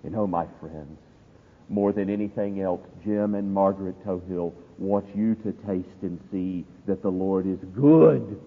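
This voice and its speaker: A husky male pastor preaches in a church, his voice swelling high and loud and then falling to quiet, earnest lows. The recording is thin and phone-like, with a long reverb tail from the hall. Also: a little slow. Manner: impassioned preaching, swinging from loud climbs to hushed drops. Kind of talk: sermon. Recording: husky voice over a tinny, echoey hall line.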